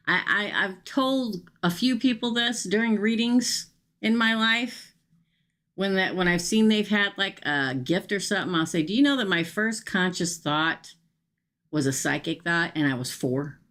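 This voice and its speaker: Middle-aged woman, lowish voice, emphatic live-stream tarot reader. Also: lively intonation, moderate pace, a bit bright. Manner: chatty and emphatic, frequent "okay?" asides.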